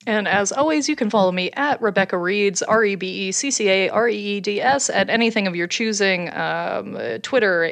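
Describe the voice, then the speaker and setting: A woman's voice: mid-range voice, fairly bright tone. A young woman from Canada co-hosting a podcast, telling a casual story with laughs and swearing. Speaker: podcast co-host.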